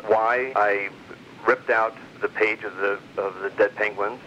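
A middle-aged man spins a rambling personal story full of fillers and restarts. His voice sits a little low but carries a bright, forward edge. The recording is muffled and lo-fi, with a faint hiss underneath. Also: fairly even intonation, a little slow. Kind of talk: casual storytelling.

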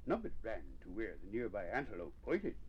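A man reading a storybook aloud, slow and expressive. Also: lowish voice, muffled recording, slight background noise.

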